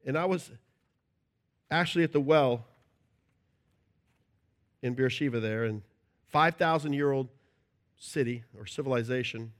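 A middle-aged man preaching a sermon as a pastor, animated and playful, acting out little scenes with shouts and joking voices. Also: medium pitch, a little slow, pauses often.

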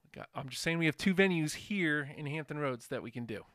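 A man's voice: fairly high pitch, animated, fast talker, a bit bright, no room sound, clean studio sound. A man co-hosting a casual wrestling podcast, laid-back and teasing. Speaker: podcast co-host.

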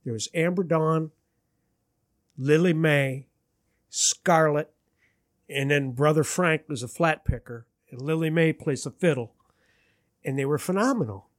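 With a slightly high voice, a little slow and full of long pauses, the man, a musician guest from the Detroit area, shares rambling anecdotes in a casual chat. He acts out the quotes and laughs at himself. The recording is clean studio sound with no room sound.

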